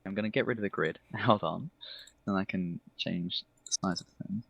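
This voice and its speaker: A man's voice: deep voice, moderate pace, vocal fry, fairly bright tone, slightly rough, no echo, muffled recording. A man narrating a tabletop game as game master in a rambling, hesitant way, often restarting.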